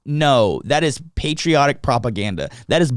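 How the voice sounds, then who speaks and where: A man's voice: medium pitch, big pitch swings, moderate pace, smooth, no echo, clean studio sound. A young man co-hosting a casual podcast, ranting and swearing, with mocking put-on voices. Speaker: podcast co-host.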